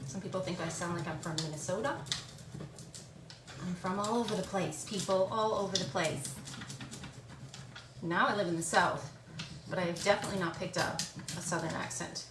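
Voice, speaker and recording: A middle-aged Canadian woman with an English Canadian accent gives a chatty live tutorial on furniture painting, talking through each step as she works. Her voice is lowish and moderately paced with frequent pauses. It was recorded on a camera on a stand in an echoey room with background noise.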